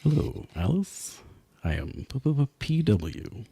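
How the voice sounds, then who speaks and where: A man's voice: lowish voice, sing-song, slow pace, gravelly, husky, dry recording, pitched above the performer's own voice, heavily acted. A man voicing a small, sickly, malfunctioning robot that stutters and glitches when it speaks. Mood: eerie cheerful. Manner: stuttering glitchy speech, bright eager tone.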